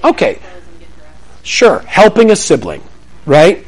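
Animated man preaching a sermon. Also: high-pitched, a little fast, rough recording. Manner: animated, acts out dialogues with rising excitement. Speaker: pastor.

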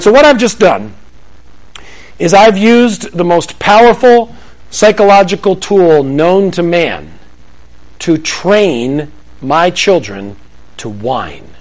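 A man preaching on parenting to a live audience, animated and conversational, acting out scenes. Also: high voice, slow pace, pauses often. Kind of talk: sermon-style teaching to a live audience.

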